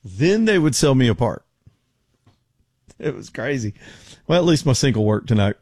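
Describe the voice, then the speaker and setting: A man's voice: medium pitch, big pitch swings, normal speed, darkish tone, no echo. Brief: man, radio host, rambling folksy talk, dry studio sound.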